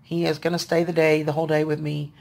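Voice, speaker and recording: A woman's voice: low voice, level tone, fast, creaky, a little mellow. A woman, venting to her viewers in a casual video diary, sounding tired and frustrated. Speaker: vlogger.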